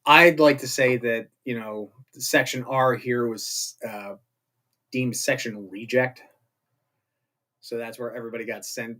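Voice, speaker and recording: Guy rambling thru a tv recap, chatty, jokey little asides, middle pitch. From not British. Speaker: show host recapping a series. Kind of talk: casual spoken episode recap.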